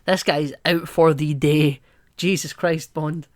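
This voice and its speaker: A man's voice: fairly high pitch, fairly even intonation, slow pace. A man co-hosting a podcast, chatting casually about a film, rambling and playful with many asides. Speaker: podcast co-host. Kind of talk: casual film-review chat.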